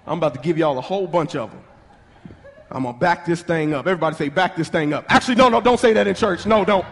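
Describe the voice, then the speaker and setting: A man preaching a lively call-and-response sermon in a church. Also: a little high, quick pace, gravelly, in a large hall.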